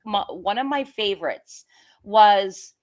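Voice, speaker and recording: A woman's voice: mid-range voice, expressive, slow pace. A woman hosting a casual interview, steering the talk with playful questions. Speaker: interview host.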